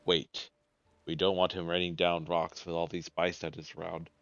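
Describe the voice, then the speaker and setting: A man's voice: low voice, flat delivery, normal speed, smooth, no echo, lo-fi sound, soft background music. A man voicing a wary city guard, speaking in a level, businesslike way. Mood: concerned.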